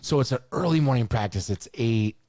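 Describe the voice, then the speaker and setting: A middle-aged man co-hosting a podcast, telling stories in an animated, casual way, often repeating words and swearing now and then. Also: medium pitch, fairly quick, dry recording, studio quality. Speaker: podcast co-host. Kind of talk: casual storytelling chat.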